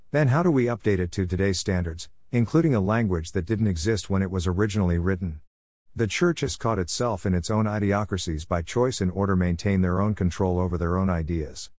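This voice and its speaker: A middle-aged man with a very low, deep voice reads a letter aloud. His delivery is blunt and preachy, with an irreverent edge. The sound is dry and close, with no room around it. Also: darkish tone, no echo. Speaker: podcast host.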